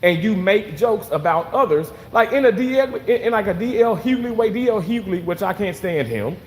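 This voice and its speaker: Animated man venting on a break. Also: high voice, normal speed, big-room sound, slight background noise. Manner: animated, swears freely, repeats phrases. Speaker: vlogger reading live chat. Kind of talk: casual venting monologue.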